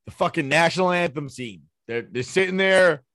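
A man's voice: fairly high pitch, animated, normal speed, a bit bright, dry recording, clean studio sound. A man co-hosting a sports movie podcast, opinionated and profane as he rants. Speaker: podcast co-host. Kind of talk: casual chat.

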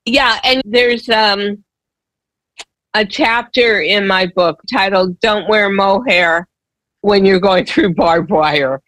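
A woman's voice: mid-range voice, slow, fairly bright tone, no echo, rough recording. A woman sharing personal stories as a guest in a conversation, candid, emotional and emphatic.

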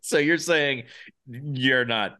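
A man's voice: mid-range voice, pushed and bright. A man co-hosting a podcast who chats casually and keeps chiming in to agree with his partner. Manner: chimes in with quick agreement and laughs, reacting to his partner. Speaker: podcast co-host. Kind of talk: casual chat.

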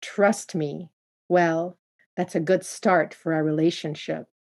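A woman's voice: sits low, fairly even intonation, a little mellow, exaggerated voice. Woman voicing a sly crossroads spirit man. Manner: slow, coy, teasing. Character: mysterious male crossroads spirit, sly and wise.

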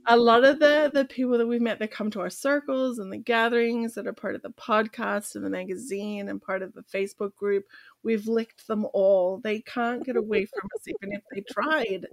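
A woman's voice: on the high side, normal speed, vocal fry, dry recording. Woman, bubbly, laughs often, casual podcast chat, dry close sound. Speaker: podcast co-host.

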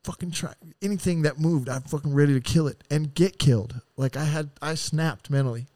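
A man from the San Diego area, a guest on a podcast, tells his life story bluntly and profanely, animatedly acting out the voices of the people involved. His voice is a little high and fairly quick, with no room sound, in candid storytelling.

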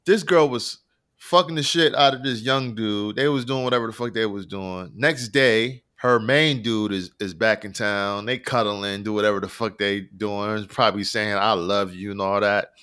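A man's voice: on the low side, moderate pace, sharp tone, smooth. A man co-hosting a podcast, telling long stories in a rambling, slangy, profane way. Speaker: podcast co-host. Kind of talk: casual podcast chat.

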